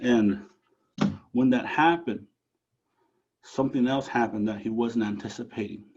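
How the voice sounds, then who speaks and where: A man from Alaska telling a traditional story aloud, animated, with dramatic rises and drops. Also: medium pitch, a little slow, husky, highs cut off.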